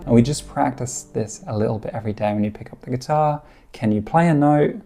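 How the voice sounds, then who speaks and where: A man teaching a guitar lesson, explaining calmly and encouragingly, counting beats aloud and singing short snippets. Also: medium pitch, brisk.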